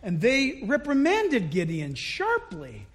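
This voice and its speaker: A man delivers a sermon with an unusually high voice. He retells a Bible story in an animated way and acts out the characters' lines as he goes. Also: slow. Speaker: pastor.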